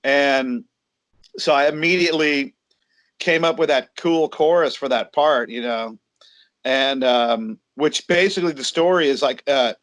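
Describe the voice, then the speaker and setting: A man's voice: medium pitch, measured pace, fairly bright tone, dry recording. Man telling stories, casual and salty. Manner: storytelling, acts out quoted exchanges, swears casually. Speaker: guest, metal singer. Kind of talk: casual interview chat.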